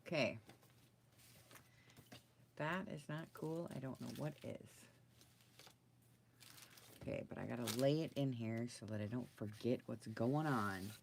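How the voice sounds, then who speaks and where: Gravelly-voiced flustered crafting woman. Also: rumbling low, measured pace, long pauses, slight background noise. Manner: muttering to herself, easily flustered. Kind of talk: casual crafting video talk.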